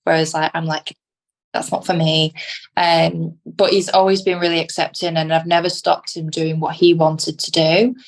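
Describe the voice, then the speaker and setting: A woman's voice: sits low, flat delivery, moderate pace. A young British woman co-hosting a podcast, talking casually, laughing often and using British slang. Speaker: podcast co-host. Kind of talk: casual chat.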